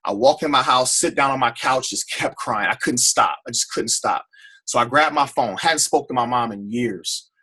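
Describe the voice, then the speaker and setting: Husky, bright-voiced man telling his story. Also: mid-range voice, normal speed. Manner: emotional storytelling, frequent repeats and restarts. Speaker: speaker on a team call. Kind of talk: personal testimony to a group.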